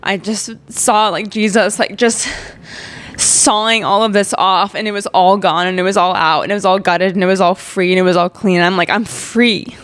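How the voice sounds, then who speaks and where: A woman's voice: mid-range voice, level tone, normal speed, a bit bright, no echo. Candid young woman podcaster, dry sound. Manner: candid, emotional, heavy use of "like" fillers. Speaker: podcast host. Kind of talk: personal faith testimony, casual chat.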